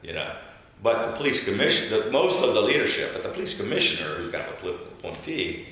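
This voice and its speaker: A man's voice: on the low side, quick pace. A man telling a story in a casual interview, acting out what others said. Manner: animated storyteller who acts out quotes. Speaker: former governor being interviewed. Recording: very echoey room.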